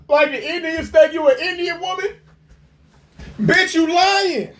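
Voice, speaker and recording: A man's voice: very high voice, takes it slowly. A man giving profane reaction commentary, mocking and incredulous and swearing constantly.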